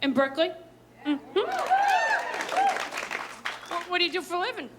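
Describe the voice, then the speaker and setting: A woman performing live stand-up comedy, riffing in a quick, quirky, self-mocking way and bantering with people in the audience. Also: very high-pitched, a loud crowd. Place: stage before a live audience. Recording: live audience laughter and noise.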